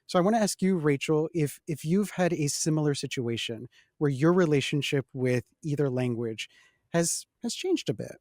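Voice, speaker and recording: A man's voice: a little high, expressive, moderate pace, darkish tone, no room sound, studio quality. A young adult man from the Texas-Mexico border hosting a casual conversation, talking earnestly and reflectively and putting questions to his guests. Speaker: host.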